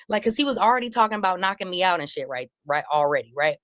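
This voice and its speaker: A woman comedian telling a story on a live panel show, acting out each quoted line with big jumps in pitch and plenty of swearing. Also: animated, fast talker, hardly any pauses, no room sound, clean studio sound.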